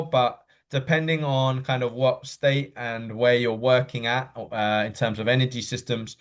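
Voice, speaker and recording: A man coaching runners in a live online session, talking quickly and casually with fillers and frequent okays. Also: mid-range voice. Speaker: running coach. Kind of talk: live online workshop talk.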